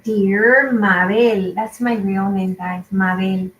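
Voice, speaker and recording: A woman whose first language is Spanish, chatting excitedly with viewers while she hosts a crafting livestream. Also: mid-range voice, slow, hardly any pauses. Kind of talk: casual live-stream chat. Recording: echoey room, faint background noise.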